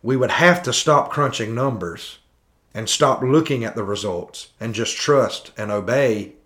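A man's voice: mid-range voice, measured pace, a bit bright. Thirties male host, mid-range voice, earnest preacher's cadence for sermon critique. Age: 30s. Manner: earnest, preacherly, with rhetorical questions. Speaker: podcast host.

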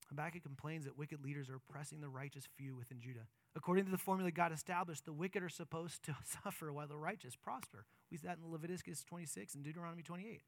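A male pastor delivers a sermon in a notably high voice, pressing his points with impassioned emphasis and then easing into calmer reflection. The sound is dry and close, with no room echo. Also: fast, hardly any pauses. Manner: impassioned, emphatic preaching that swings between loud and soft.

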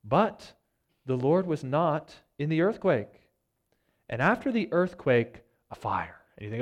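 A man delivers a sermon from the pulpit in a voice that sits a little high for a man. He reads scripture aloud and then retells it, building to urgent, intense passages before sinking to quiet, hushed lines. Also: big pitch swings, a little slow. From Virginia, United States. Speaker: church elder preaching. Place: church sanctuary.

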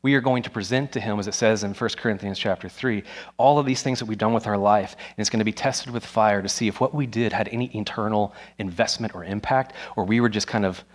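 A man preaching a sermon as pastor, animated and acting out stories. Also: on the low side, fast. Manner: animated, acts out scenes with voices.

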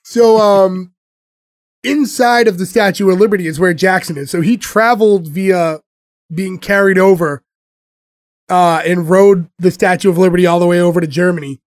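A man with a notably high voice hosts a casual podcast chat. He retells scenes in a loose, rambling way, full of fillers and restarts. The sound is dry and close. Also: fairly even intonation, normal speed, dry recording. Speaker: podcast host. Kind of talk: casual chat recapping a show.

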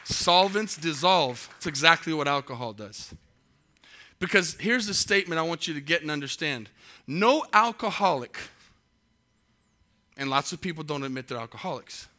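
A man in middle age preaching from the pulpit, his voice very bright and cutting. He throws rhetorical questions at the congregation and keeps pressing his point with mounting force. The pitch sits a little high for a man. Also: lively intonation, moderate pace. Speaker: pastor. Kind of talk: sermon.

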